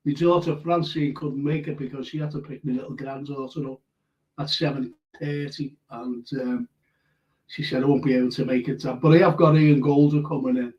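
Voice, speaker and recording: A man's voice: on the high side, darkish tone, lo-fi sound. An older man hosting a live fan phone-in style show, chatting casually and reading viewer messages aloud with open emotion. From England. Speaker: host.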